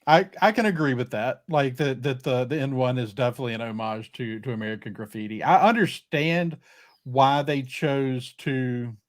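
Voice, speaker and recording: Podcast co-host, mid-pitched, hesitant, fills pauses with ums. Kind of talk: casual chat.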